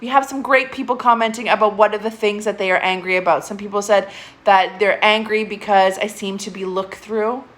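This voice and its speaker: A woman's voice: mid-range voice, fairly even intonation, fairly quick, a bit bright. Candid, swearing woman on a live stream. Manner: candid, swears often, urges viewers to comment. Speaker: therapist hosting a live stream. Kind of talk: casual live-stream chat with viewers.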